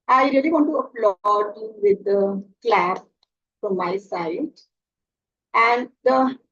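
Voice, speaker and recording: A woman's voice: medium pitch, slightly rough, lo-fi sound. A woman evaluating a speech at an online club meeting, giving encouraging, structured feedback point by point.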